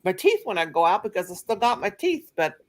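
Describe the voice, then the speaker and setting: A middle-aged woman hosting her channel's casual family chat speaks briskly in a mid-range voice with big swings in pitch. She is a chatty, rambling storyteller who laughs a lot.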